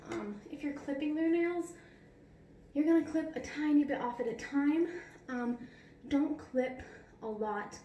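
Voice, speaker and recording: Woman groomer, casual home tutorial, slightly high voice, chatty, mic a little far off. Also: warm tone, slight background noise. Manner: chatty, laughs often, coos to her dog. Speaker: dog groomer. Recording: roomy sound from a distant mic.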